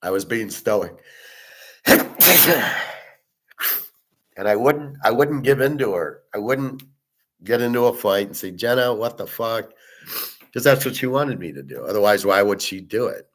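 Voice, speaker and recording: A man's voice: lowish voice, lively intonation, moderate pace, pauses often. A middle-aged man hosting a casual monologue, telling a personal story in a blunt, profane way. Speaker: host.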